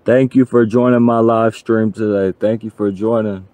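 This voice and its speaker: A man's voice: fairly low pitch, steady tone, mellow. A man chatting casually on his livestream, pleading for donations and joking along the way. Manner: pleading and joking, slow drawl.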